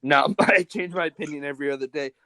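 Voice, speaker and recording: Rambling, profane young man, higher voice. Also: fast, pushed and bright, no room sound. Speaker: podcast host. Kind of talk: casual chat.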